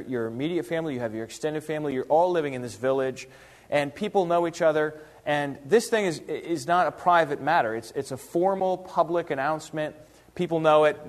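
A man with a somewhat raised voice walks his listeners through a Bible passage in a relaxed, chatty teaching style. He keeps it lively, throwing out rhetorical questions and briefly acting out the people he describes. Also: on the high side. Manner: lively, uses rhetorical questions and acted-out asides. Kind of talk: casual, conversational Bible teaching.

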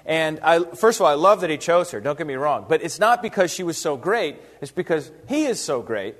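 Slightly high-voiced man teaching the Bible. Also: normal speed. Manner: lively, uses rhetorical questions and acted-out asides. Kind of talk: casual, conversational Bible teaching.

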